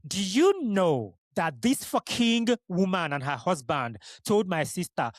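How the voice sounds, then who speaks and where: Very animated yet a little slow, this high-pitched young Nigerian man from Igbo country hardly pauses as he hosts his podcast. He speaks bluntly and passionately to the listener, swearing often, in a dry, clean studio recording.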